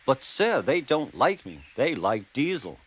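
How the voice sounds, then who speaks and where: A man's voice: medium pitch, very animated, a little slow, fairly bright tone, husky, exaggerated voice. A man voicing a polite, worried young male steam engine in a storybook reading.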